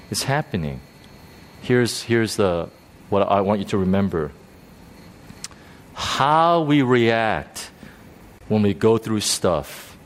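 A male pastor preaching a sermon in a church, animated and emphatic, often repeating himself as he builds to a point. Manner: animated preaching, rising to high pitch for emphasis, frequent repetitions.

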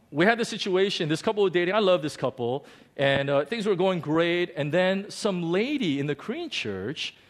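Male pastor, 40s, high-pitched. Animated, self-deprecating sermon storyteller.

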